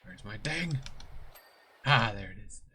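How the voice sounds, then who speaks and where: A man's voice: mid-range voice, animated, a little slow, pushed and bright, a little hiss or hum. A man streaming a game, chatting casually and joking playfully with his co-host. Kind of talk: casual chat while gaming.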